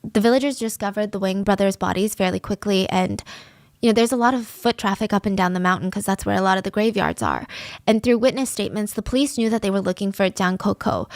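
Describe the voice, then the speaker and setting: A woman's voice: medium pitch, no echo. A woman host narrating a true-crime story in a casual, conversational podcast manner, close to the mic.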